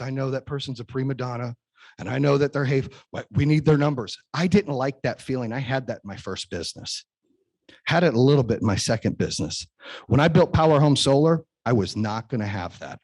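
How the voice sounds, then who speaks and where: A man's voice: a little high, darkish tone. A man in his forties giving a motivational keynote at an event, telling personal stories with emphatic, punchy repeated phrases. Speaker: keynote speaker. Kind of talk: motivational stage talk. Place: event stage.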